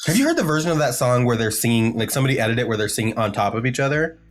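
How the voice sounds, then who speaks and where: A man co-hosting a podcast, chatting casually and excitedly, swearing freely and trailing into fillers. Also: mid-range voice, very fast, slight background noise. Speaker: podcast co-host. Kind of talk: casual chat about music.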